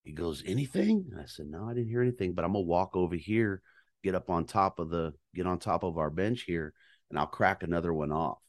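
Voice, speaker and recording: A man telling a hunting story in casual chat, animated and profane, acting out calls and his own reactions. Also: low-pitched, brisk. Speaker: guest storyteller on a hunting podcast.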